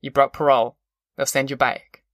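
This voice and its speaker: A weary, level-headed former preacher, as a man puts him on speaks in a plain folksy drawl. The tone is bright and forward, and the audiobook sound is dry and close. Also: medium pitch, flat delivery, normal speed, no echo, lightly acted. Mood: steady, urgent. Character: weary calm ex-preacher man, middle-aged.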